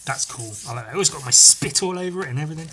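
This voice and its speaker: A man's voice: fairly high pitch, expressive, very fast, pushed and bright, slight background noise. A young British man giving casual, irreverent and heavily sweary commentary while leafing through comics. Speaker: comic reader and vlogger.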